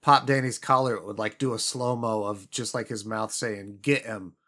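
Male podcast co-host, bright, forceful tone, upbeat review chat. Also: fairly low pitch, steady tone, normal speed. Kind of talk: casual film-review chat.

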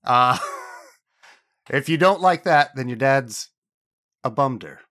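A man's voice: medium pitch, animated, slow, fairly bright tone. A man hosting a casual podcast, joking playfully with his friends. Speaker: podcast host.

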